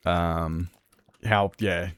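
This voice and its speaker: A man's voice: deep voice, fairly even intonation, very slow, fairly bright tone, clear, resonant tone, no echo. A man rambling casually on a game stream from his bedroom, restarting sentences and swearing freely. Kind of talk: casual stream chat while gaming.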